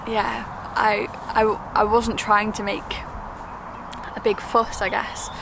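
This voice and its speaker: A young woman from the UK talking to camera in a quick, chatty, earnest way, with frequent ums. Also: mid-range voice, flat delivery, gravelly. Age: young adult. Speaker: vlogger. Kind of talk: casual talk to camera. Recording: noisy background with traffic.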